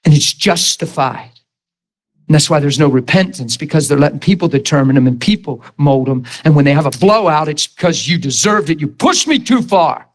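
A man's voice: fairly high pitch, brisk, rough recording. A man, a pastor, preaching a sermon and telling a personal story, acting out the lines of the people in it. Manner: storytelling, acts out quoted dialogue with rising and falling voice.

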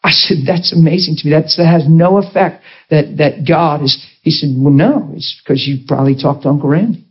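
A man's voice: a little high, brisk, breathy edge, dull audio. A man preaching to a congregation and telling an emotional story, acting out the voices of the people in it. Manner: emotional, acts out quoted voices. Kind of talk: storytelling sermon.

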